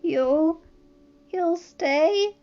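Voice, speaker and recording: A woman voicing a young, injured male dragon who speaks in halting whimpers, in a storybook reading. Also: very high-pitched, a little mellow, muffled recording, pitched above the performer's own voice, heavily acted. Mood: hurting.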